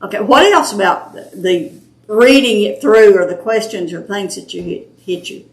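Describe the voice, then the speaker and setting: A woman's voice: medium pitch, expressive, normal speed. A woman with an East Tennessee Southern accent leading a small group Bible study, chatty and patient, laughing easily. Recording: roomy home recording.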